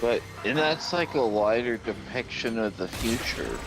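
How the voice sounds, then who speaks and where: Slow-talking man rambling on. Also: medium pitch, lively intonation, music in the background. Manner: rambling explanations with restarts. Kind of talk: casual chat.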